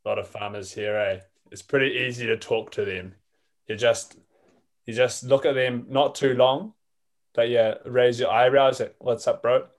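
A man's voice: medium pitch, fairly even intonation, normal speed. A man telling a rambling, hesitant story as a student in an improv class.

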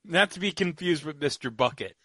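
Joking podcast co-host, man, bright and animated voice. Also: fairly high pitch, fairly quick, husky, no room sound, clean studio sound. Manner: joking, lively. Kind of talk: casual chat.

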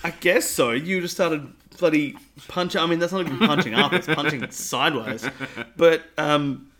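A man's voice: fairly high pitch, moderate pace, a bit bright. A man co-hosting a podcast in casual chat, wry and rambling, often correcting himself mid-sentence. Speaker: podcast co-host.

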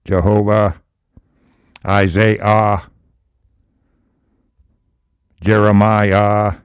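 Male Bible study teacher, deep and slow, emphatic preaching, smooth tone. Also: little pitch movement, no echo, clean studio sound. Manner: reads scripture slowly, then comments with emphatic outbursts.

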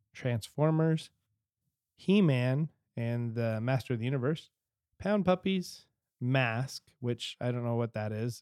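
A man's voice: medium pitch, darkish tone, no room sound, studio quality. A man from Utah hosting a casual podcast chat, laid-back and laughing as he talks. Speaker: podcast host.

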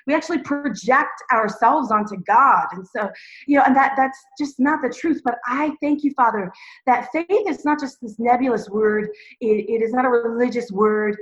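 A woman's voice: high-pitched, a bit bright. A woman podcast guest sharing her faith testimony and leading listeners in prayer, emotional and rambling. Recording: roomy, dull lo-fi sound.

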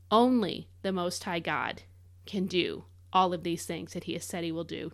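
A woman's voice: mid-range voice, normal speed. A woman hosting a devotional podcast, reading scripture and explaining it in an earnest, conversational and emphatic way. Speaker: podcast host, Bible teacher. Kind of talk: devotional Bible teaching.

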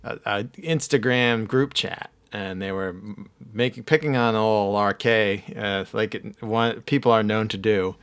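A man's voice: on the low side, unhurried, few pauses, a bit bright, clear, resonant tone. A man hosting a casual podcast, chatting in a rambling, self-deprecating way. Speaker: podcast host. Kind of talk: casual chat.

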